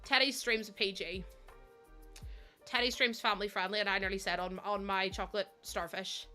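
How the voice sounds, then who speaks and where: Bright, chatty woman streaming. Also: medium pitch, steady tone, moderate pace, soft background music. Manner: chatty, giggly, addresses viewers as bestie. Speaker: game streamer. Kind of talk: casual live-stream chat.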